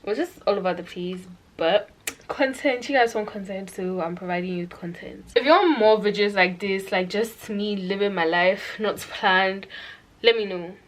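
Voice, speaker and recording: A woman's voice: mid-range voice, moderate pace. A young woman chatting to her camera at home in a casual vlog, giggly and self-mocking. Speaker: vlogger. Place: at home indoors.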